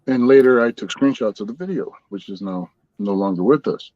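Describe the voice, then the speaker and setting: A middle-aged man telling a long story in a relaxed, rambling way, as a guest on a podcast. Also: on the low side, a little fast, no room sound, muffled recording. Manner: rambling, laid-back storyteller. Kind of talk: casual storytelling.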